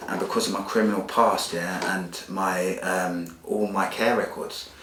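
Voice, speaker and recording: A man's voice: low voice, steady tone, a little slow, fairly bright tone, a little hiss or hum. A man, telling his life story as a podcast guest in a blunt, emotional way with street slang. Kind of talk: candid personal storytelling. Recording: echoey room.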